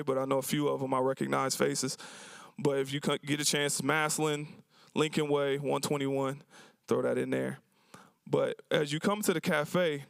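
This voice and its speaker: At a university symposium, a cafe owner entertains the audience with casual, colloquial stories about his customers, voicing their lines himself. His voice is fairly high, creaky and fairly bright, clear and resonant, with no echo.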